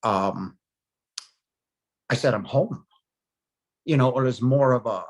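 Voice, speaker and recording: A middle-aged man of medium pitch shares, in a faltering and emotional way, what happened when he almost died, pausing a lot and using many fillers.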